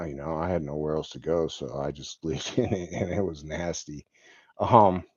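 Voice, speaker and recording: A man's voice: low-pitched, mellow, dry recording. A man telling a personal story in a rambling way, with lots of "like" and "um" and the odd chuckle. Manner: rambling, full of "like" and "um", chuckles now and then. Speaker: vlogger. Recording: dull lo-fi dry recording.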